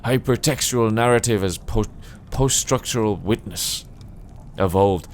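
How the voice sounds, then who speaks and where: A man reading game dialogue as a gloomy, reclusive male software creator, speaking slowly and softly with a mournful tone. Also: on the low side, a little hiss or hum. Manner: slow, soft, mournful delivery. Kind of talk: voice acting a game's dialogue.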